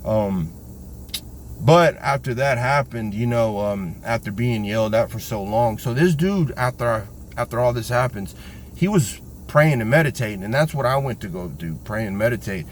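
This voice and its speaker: A man tells a personal story in a loose, slangy way, full of energy, and drops into the voices of the people he is quoting. His voice sits at an ordinary pitch for a man. A faint hiss of background noise runs under him. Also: moderate pace. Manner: animated, acts out quoted voices, slangy. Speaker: vlogger telling a personal story. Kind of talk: casual storytelling.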